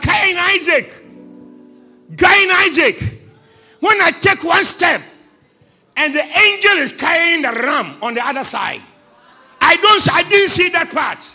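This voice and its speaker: Male preacher, high bright voice, shouting a lively sermon over church music. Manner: shouting emphatic preaching with call and response; acting out a story with volunteers.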